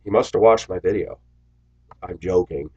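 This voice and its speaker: A man's voice: low voice, moderate pace, a little mellow, breathy edge, muffled recording. A man vlogging to his viewers in a bitter, sarcastic, preachy rant. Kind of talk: ranting to camera.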